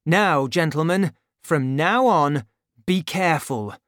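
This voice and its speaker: In a storybook reading, a reader voices a brave young male swordsman with a raised, eager, heroic and commanding delivery. The mid-range voice is expressive, slow, fairly bright and pushed up, recorded dry at studio quality.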